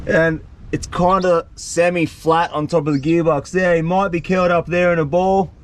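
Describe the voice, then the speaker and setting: A young man vlogging outdoors in the outback, chatty and reassuring, sometimes excitable. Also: high-pitched. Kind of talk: casual vlog talk to camera and on the phone.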